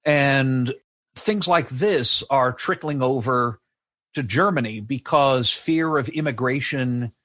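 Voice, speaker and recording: A man's voice: medium pitch, slow pace, a bit bright, no room sound. A man co-hosting a history podcast, telling it in a wry, sardonic casual chat. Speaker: podcast co-host. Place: live show.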